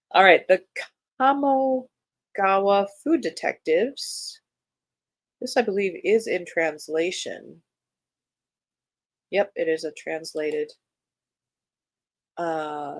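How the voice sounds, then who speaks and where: A book channel host who reads blurbs expressively, then muses aloud with fillers and pauses. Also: medium pitch, no room sound. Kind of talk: reading book blurbs and casual commentary.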